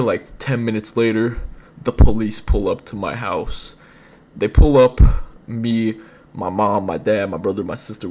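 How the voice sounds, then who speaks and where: A man's voice: lowish voice, darkish tone. A young man telling a personal story in casual, rambling speech full of fillers. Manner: rambling, many fillers like "you know". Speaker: streamer.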